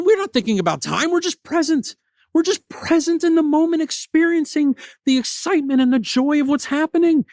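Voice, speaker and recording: A man hosts his own podcast and tells stories with animated enthusiasm, stumbling over repeated words as he goes. His voice sits high for a man. The recording is dry and close, with no room sound. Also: no room sound. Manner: animated, repetitive restarts, excited storytelling. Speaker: podcast host. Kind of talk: solo podcast storytelling.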